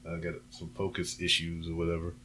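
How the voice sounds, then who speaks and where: A lower-voiced man rambles solo to a camera at home, hosting his podcast. He keeps it loose and profane, full of fillers and side trails. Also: monotone, fairly quick, bright, forceful tone, a little hiss or hum. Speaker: podcast host. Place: home recording setup with camera and computer. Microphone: camera and computer setup, a little off-axis at times.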